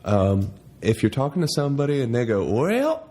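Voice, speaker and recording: A man's voice: quick pace, warm tone. A man co-hosting a casual podcast, telling rambling stories and acting out quotes in a raised voice. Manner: rambling storyteller, acts out quotes in a high voice. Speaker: podcast co-host. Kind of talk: casual chat.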